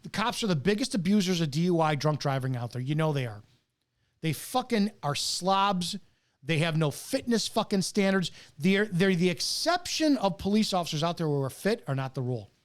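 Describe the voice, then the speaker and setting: Middle aged ex cop swearing nonstop, angry preachy rant, voice on the high side. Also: male voice. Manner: profane, bitter and preachy, with shouted stresses. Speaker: retired police officer commentator. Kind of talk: ranting monologue to camera.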